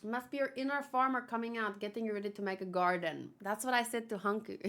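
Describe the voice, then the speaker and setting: Bright-voiced chatty woman host. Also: mid-range voice. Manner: chatty and giggly, quick asides. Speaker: manga read-along host. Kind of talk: casual chat and reading aloud.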